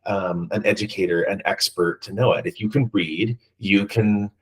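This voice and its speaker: A man's voice: fairly low pitch, fairly even intonation, normal speed, breathy edge, poor audio. A man co-hosting a podcast, chatting casually and rambling with many ums and restarts. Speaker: podcast co-host. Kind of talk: casual chat.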